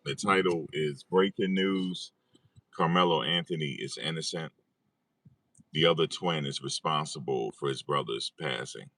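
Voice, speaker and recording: A man's voice: a bass voice, unhurried, sharp tone, dry recording. A man talking in a casual commentary vlog as an online commentator, incredulous and repeating his own phrases.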